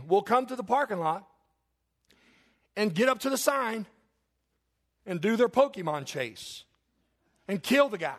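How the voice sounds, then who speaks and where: A male pastor delivers a sermon in his church with a high, bright-pitched voice. He talks in a folksy way, slipping into joking asides and growing excitable when he tells a story. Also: a little slow, long pauses. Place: church sanctuary.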